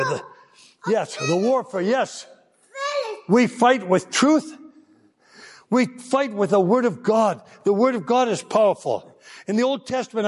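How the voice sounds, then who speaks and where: Older guy preaching to kids, high voice that swoops all over, acts out the voices. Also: in a large hall. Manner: animated storytelling, acting out voices. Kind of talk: children's sermon.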